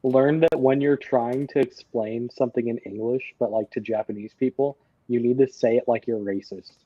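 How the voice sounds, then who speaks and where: A man's voice: medium pitch, fairly even intonation, normal speed, no room sound. A man chatting casually as a guest, joking and laughing between his lines, on a dull lo-fi microphone. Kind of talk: casual chat. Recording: dull lo-fi mic.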